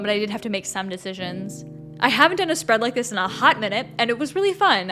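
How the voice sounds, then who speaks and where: A young woman hosting an art channel, chatting casually and bubbly with lots of likes and little laughs. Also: medium pitch. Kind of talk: casual chat with sponsor read.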